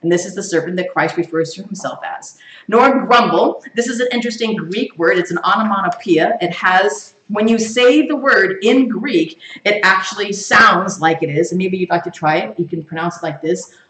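A woman teaching a Bible study to a group, lively, quizzing her listeners and laughing often. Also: medium pitch, moderate pace. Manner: animated, asks the group questions and laughs often. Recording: echoey room, far from the mic.

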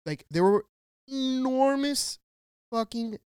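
The recording is studio quality and echo-free, capturing a podcast co-host whose voice is a little high and whose speed is normal. He tells a story casually, swearing and using lots of slang while acting out quoted people in an animated way.

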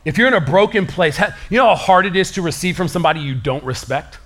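A man preaching a sermon as pastor, speaking in an animated, conversational way with casual slang. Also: high-pitched, quick pace.

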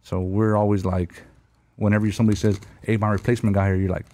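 A man's voice: on the low side, little pitch movement, fast talker, warm tone. A man in his thirties casually telling stories, heavy with slang and swearing, laughing as he goes. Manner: slangy, profane, storytelling with laughs. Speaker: guest telling war stories. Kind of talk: casual podcast chat.

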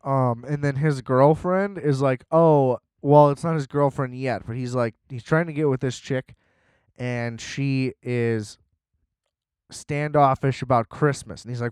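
A man's voice: mid-range voice, expressive, unhurried, a little mellow, clean tone, no room sound, studio quality. A young man hosting a casual film review, rambling, sarcastic and profane. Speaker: podcast host reviewing a film. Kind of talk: casual chat.

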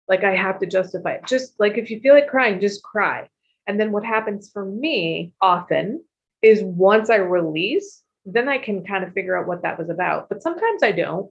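A woman in her fifties sharing her recovery story frankly and expressively, with casual swearing and quick asides. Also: medium pitch, animated. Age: 50s. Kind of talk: candid personal testimony. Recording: dull lo-fi recording.

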